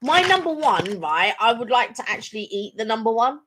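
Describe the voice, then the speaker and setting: A middle-aged woman, co-hosting a casual live stream and sharing her opinions in an expressive, chatty way. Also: a little high, fairly quick, noisy background.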